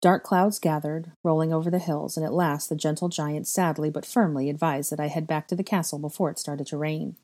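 A woman reading a first-person story aloud in a measured, soft storytelling manner. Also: low-pitched, steady tone. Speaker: audiobook reader. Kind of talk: first-person fan fiction narration.

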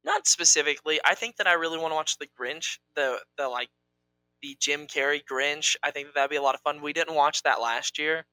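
Young guy cohosting, playful rambly chat, bright voice, dry close sound. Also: fairly high pitch, a little fast, smooth, no room sound, low-quality recording. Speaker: co-host. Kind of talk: casual chat.

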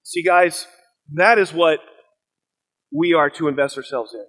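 A middle-aged man, a pastor preaching a sermon, telling stories in an earnest, halting way with fillers and restarts. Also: fairly high pitch, a bit bright, rough recording.

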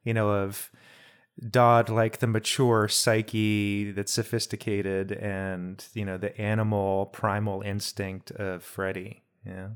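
A man's voice: on the low side, level tone, slow pace, smooth. A man co-hosts a casual podcast about a film. He is laid-back and jokey and chimes in with short remarks. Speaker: podcast co-host.

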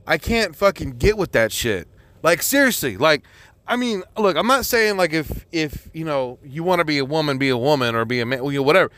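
A man's voice: on the high side, expressive, brisk, a bit bright, dry recording. A man hosting his own podcast, ranting in an exasperated, rambling way with constant swearing and lots of fillers. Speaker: podcast host. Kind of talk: profane solo podcast rant.

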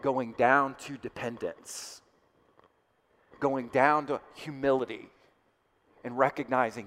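A male pastor preaching a sermon with passion, swelling louder and then dropping to hushed asides. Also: mid-range voice, steady tone, slow, long pauses. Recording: long hall reverb.

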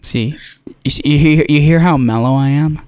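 A man's voice: on the high side, moderate pace, a little mellow, clean tone, no room sound. A young man co-hosting a casual sports podcast, rambling, laughing a lot and swearing freely. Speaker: podcast co-host.

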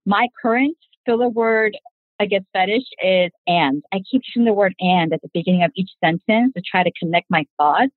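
A woman's voice: mid-range voice, brisk, dry recording. A woman in her forties talking earnestly about parenting and communication on a casual podcast, in long reflective sentences. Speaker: podcast guest. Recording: tinny phone-like sound.

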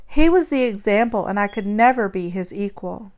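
A woman narrating a story in the first person, expressive and acting out the dialogue. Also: medium pitch, normal speed.

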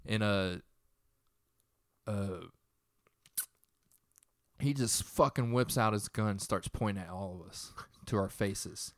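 A man's voice: fairly low pitch, takes it slowly, pauses often, dry recording, studio quality. A young man casually retelling a tense story in a profane, rambling way.

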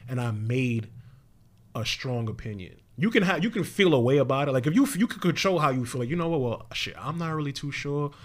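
A man's voice: medium pitch, lively intonation, a little fast. A young man co-hosting a podcast, talking in a laid-back, slangy way with lots of fillers. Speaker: podcast co-host. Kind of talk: casual chat.

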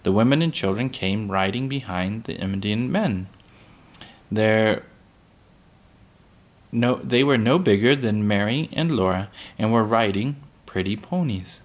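A man reading a children's book aloud, unhurried, with small slips that he corrects. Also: lowish voice, expressive.

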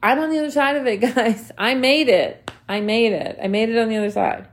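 A woman in her thirties hosts her own motivational podcast, her voice higher than average and her pace fairly brisk. She speaks from the heart with real emphasis, addressing listeners directly, repeating key points for weight and swearing casually along the way.

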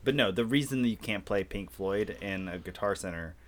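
Low-voiced laid-back male co-host. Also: brisk. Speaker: podcast co-host. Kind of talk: casual chat.

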